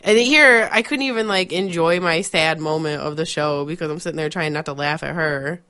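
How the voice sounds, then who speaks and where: A woman's voice: deep voice, normal speed. A woman co-hosting a podcast, chatting casually and telling stories with lots of "like". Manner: animated storyteller, heavy on "like". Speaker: podcast co-host. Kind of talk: casual chat.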